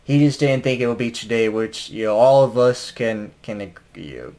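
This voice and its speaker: A man's voice: medium pitch, lively intonation, normal speed, warm tone. A man casually reviewing an album, rambling with lots of fillers and restarts and chuckling now and then. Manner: chuckles while talking.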